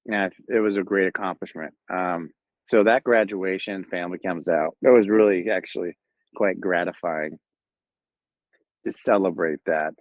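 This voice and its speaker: A man from Southern California, a Marine Corps veteran, tells his own story casually, with a low voice and a steady tone at normal speed. His Southern Californian accent comes through as he rambles in a laid-back way, full of fillers and restarts. The recording is dull and lo-fi, with a dry sound and no room noise.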